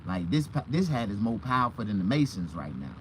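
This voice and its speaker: Loud, animated comedian man telling stories. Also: on the low side, fairly quick, slight background noise, poor audio. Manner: loud, animated, acts out voices. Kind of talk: profane comic storytelling.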